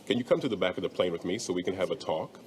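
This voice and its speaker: An actor playing a stern, officious air marshal who orders a passenger to calm down. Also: male voice, deep voice, rapid-fire. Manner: firm, authoritative, officious. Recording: noisy clip played back.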